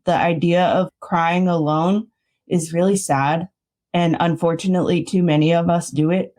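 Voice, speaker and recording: Woman, therapist guest, casual chat, animated, laughs often, fairly low voice. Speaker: art therapy counselor, guest.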